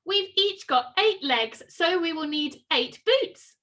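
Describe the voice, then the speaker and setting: A woman reading a storybook, voicing an eager young girl spider in a high, bright voice. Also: expressive, slow, exaggerated voice.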